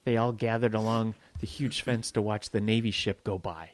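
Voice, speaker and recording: A man's voice: lowish voice, fairly even intonation, normal speed. A man co-hosting a podcast, chatting casually with sarcastic, crude jokes. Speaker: podcast co-host. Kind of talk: casual chat. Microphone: new microphone.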